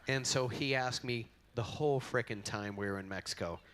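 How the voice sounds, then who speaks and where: Speaking at medium pitch and a moderate pace, this middle-aged man gives a loose, joking memorial speech in a convention hall on a handheld mic. His tone is fairly bright, with a little hiss or hum, and he rambles through stories with acted-out quotes.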